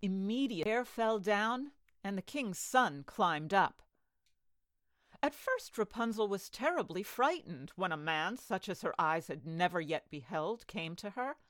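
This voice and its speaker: A woman reading a fairy tale aloud as a storyteller, with an expressive storybook delivery. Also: mid-range voice, a little slow, no room sound.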